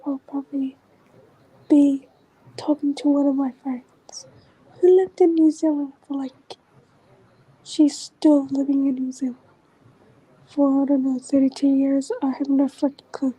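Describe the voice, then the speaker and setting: A woman vlogger talking in a casual, rambling monologue that often drifts into soft whispers. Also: high voice, rough recording.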